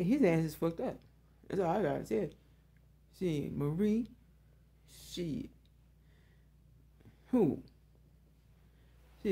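A woman's voice: mid-range voice, vocal fry, warm tone, slightly rough. A woman hosting her own online show, giving a blunt, profane opinion monologue and repeating her points.

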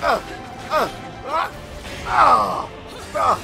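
A man giving loud, profane, excitable commentary while playing a video game. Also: sits high, extremely slow, creaky, a loud crowd. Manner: loud, profane, yelling reactions. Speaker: gameplay commentator. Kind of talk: excitable let's-play commentary. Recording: game audio with music behind.

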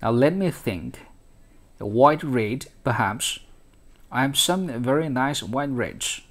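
A fussy, eager pet-shop owner speaks with a slightly raised lift in the voice, as a male teacher reads him aloud. He talks slowly and carefully, like a salesman. His lines come out obliging and a little pompous. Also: mid-range voice, lively intonation.

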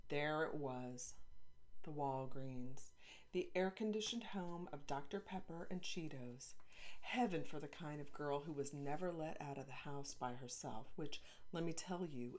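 A woman author reading her children's novel aloud in an expressive, playful narrating voice. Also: sits low. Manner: lively, playful asides.

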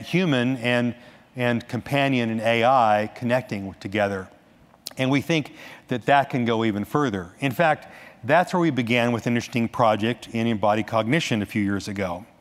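A man giving a conference talk on stage, animated, restarting sentences and adding asides as he goes. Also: medium pitch. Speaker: conference speaker. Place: large conference hall. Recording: echoey hall reverb.

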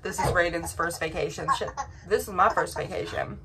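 A young woman talks straight to her viewers in a loose, rambling vlog chat. Her voice sits a little on the low side, and she circles back with plenty of ums and restarts. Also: brisk, noisy background. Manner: rambling, emotional, many fillers and restarts. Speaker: vlogger.

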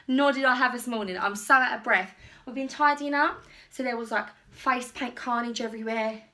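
A young woman talks her way through a clothing try-on at home. Her voice sits a little on the high side, and her chat is loose, rambling and self-deprecating. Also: a bit bright. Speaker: vlogger. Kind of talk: casual try-on haul chat. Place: home bedroom.

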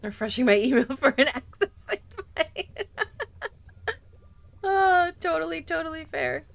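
A woman's voice: high-pitched, big pitch swings, a little slow, vocal fry, dry recording. A young woman streaming a video game, chatty and giggly as she reacts to her chat. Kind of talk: live gameplay commentary.

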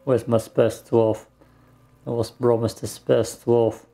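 A man's voice: medium pitch, flat delivery, slow, creaky, warm tone. A man mutters casual gameplay commentary to himself while he plays, with some mild swearing. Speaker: gaming streamer.

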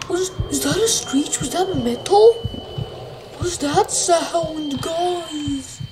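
A woman's voice: very high voice, a little slow. A woman commenting on a horror game as she plays, easily spooked and exclaiming often. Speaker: gaming streamer. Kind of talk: live gameplay commentary. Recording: noticeable background noise.

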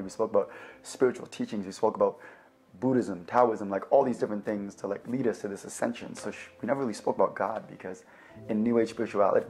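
A young man telling his faith testimony in a relaxed, conversational way, with fillers and replayed conversations. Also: on the low side. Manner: animated, acts out both sides of remembered conversations. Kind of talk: personal storytelling.

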